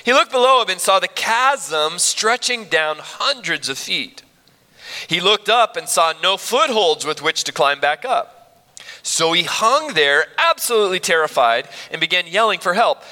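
Bright, lively male preacher in a reverberant hall. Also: high voice, unhurried. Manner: earnest, conversational, with repeated restarts. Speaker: pastor. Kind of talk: sermon. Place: church sanctuary. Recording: long reverb of a large hall.

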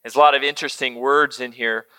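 A man preaching a sermon, earnest, swinging from emphatic lines to soft, hushed ones. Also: medium pitch, fairly even intonation, quick pace, smooth. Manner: earnest, shifts between loud emphasis and soft near-whisper. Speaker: pastor.

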